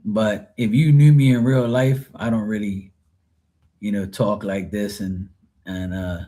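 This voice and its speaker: A man's voice: lowish voice, fairly even intonation, unhurried, warm tone. A man from Bermuda with a Bermudian accent, chatting loosely and rambling to viewers of his live tarot stream. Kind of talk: casual live-stream chat.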